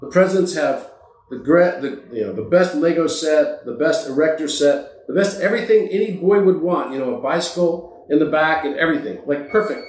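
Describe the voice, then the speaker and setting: A podcast guest tells motivational stories in an emphatic, earnest manner. He is a man with a fairly high voice. The room around him sounds echoey. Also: moderate pace, darkish tone, a little hiss or hum. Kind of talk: motivational storytelling.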